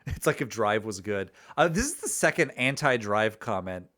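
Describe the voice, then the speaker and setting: A man's voice: fairly low pitch, very animated, moderate pace, fairly bright tone. Playful man narrating a text game. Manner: playful, rambling with restarts. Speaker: streamer and game author. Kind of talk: reading game narration and casual chat.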